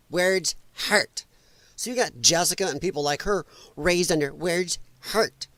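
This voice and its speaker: A man's voice: on the high side, no room sound. A man hosting a political podcast, delivering an angry, profane rant full of mocking voices. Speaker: podcast host.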